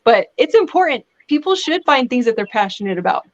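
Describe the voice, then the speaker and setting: A woman guest talking in a casual interview, chatty and lively as she tells stories. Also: on the high side, fairly quick, dull audio. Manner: chatty, animated storytelling with laughs. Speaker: guest actress.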